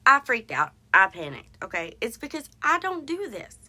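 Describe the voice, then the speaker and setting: A woman, hosting a podcast and telling a story in a casual, animated way. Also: on the high side, moderate pace. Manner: animated, chatty, addresses listeners as y'all. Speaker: podcast host.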